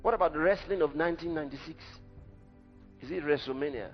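A man's voice: on the high side, fast talker. A man preaching a sermon in an emphatic, dramatic way. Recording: dull echoey hall recording with faint music.

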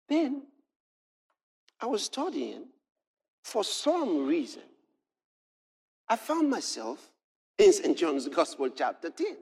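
A man preaching a sermon, telling a personal story and reading scripture, building to impassioned shouts. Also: high-pitched, huge pitch swings, slow, pauses often, breathy edge.

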